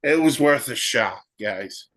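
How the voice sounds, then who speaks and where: A man's voice: medium pitch, animated, slow, a bit bright. A man hosting a solo sports podcast, ranting and firing off rhetorical questions. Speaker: podcast host.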